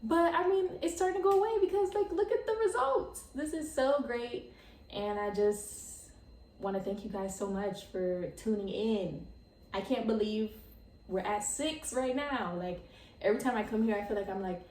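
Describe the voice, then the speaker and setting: A young woman in her twenties hosting her own podcast, excitable and chatty, full of "like" and laughs. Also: a little high, normal speed, roomy sound, far from the mic. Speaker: podcast host. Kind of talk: casual chat.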